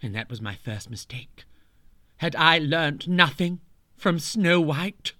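Camp guy telling a storybook tale, bright voice, takes it slow and swoops all over, dry close mic. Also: on the high side, animated, no echo. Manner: camp, playful, mock-grand asides. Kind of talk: theatrical storybook narration.

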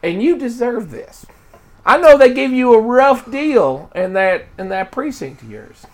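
A man playing a fawning, flattering middle-aged man in an improvised role-play, using a put-on, unplaceable accent. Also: very high-pitched, unhurried, heavily acted. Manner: flattering, gushing.

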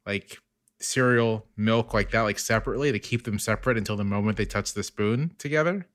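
A man talking as a podcast guest in casual chat, halting and full of filler words. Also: fairly low pitch, fairly bright tone. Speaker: podcast guest, newspaper columnist.

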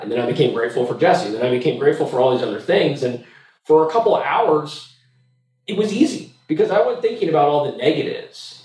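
A man's voice: medium pitch, darkish tone. A man, a podcast guest, telling a story in a reflective, conversational way, often restarting his sentences. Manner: reflective, repeats words when starting sentences. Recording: roomy room, distant mic.

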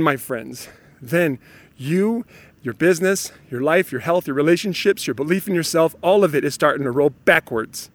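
A man's voice: a little high, no room sound. A man giving a playful motivational talk, laughing often and acting out inner thoughts, sometimes dropping to a near whisper. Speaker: motivational speaker.

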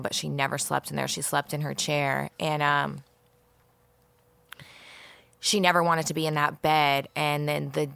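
A woman's voice: low voice, creaky, fairly bright tone, dry recording. A woman co-hosting a podcast, telling personal stories bluntly with lots of swearing. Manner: blunt, profane, teasing. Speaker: podcast co-host. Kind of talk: casual chat and storytelling.

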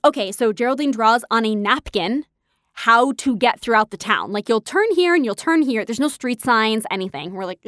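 A woman with a somewhat high voice tells stories in a casual podcast, chatty and enthusiastic, laughing as she goes. The sound is close and dry, with no room echo. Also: fairly bright tone. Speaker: host.

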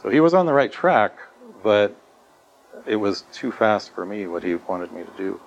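A middle-aged man telling his own story in an earnest, halting way, with many fillers and restarts. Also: on the low side, sing-song, vocal fry. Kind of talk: personal testimony. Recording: dull lo-fi sound with faint noise.

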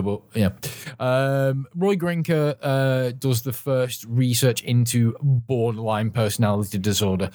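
A man's voice: medium pitch, darkish tone, no echo, studio quality. Chatty man rambling on a podcast. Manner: rambling, chatty, swears freely, laughs often; sips a drink while talking. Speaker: podcast host. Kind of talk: casual podcast chat.

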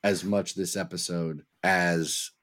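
A man with a sore, hoarse throat co-hosts a casual podcast. His voice sits a little low, and he keeps the banter light and self-deprecating. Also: little pitch movement, slow pace, fairly bright tone. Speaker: podcast co-host.

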